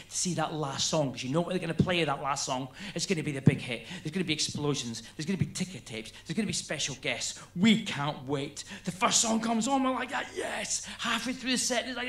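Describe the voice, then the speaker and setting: Talking fast with few pauses, this man from Scotland does stand-up in an echoey room, his voice on the high side. He's a comedian who tells stories with animation, impersonating his friends as he goes.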